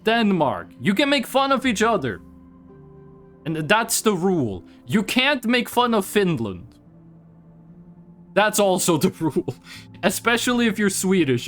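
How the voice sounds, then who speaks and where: A young man from Scandinavia chats through a gaming stream in a high, bouncy voice. He talks in playful teasing banter with his viewers, with wide swings of pitch. Faint music plays underneath. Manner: joking, teasing banter with chat; animated, quick swings in pitch. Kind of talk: casual gaming stream chat.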